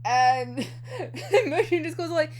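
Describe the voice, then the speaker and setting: A woman, excitedly reacting to an anime episode, laughing often and swearing freely. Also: high-pitched, slow pace. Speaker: anime reviewer. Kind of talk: casual episode reaction vlog.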